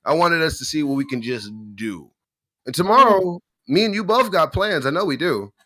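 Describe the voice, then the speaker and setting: A man in a casual streamed chat, animated and often saying "like". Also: on the high side, moderate pace, dry recording. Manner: animated, says "like" a lot.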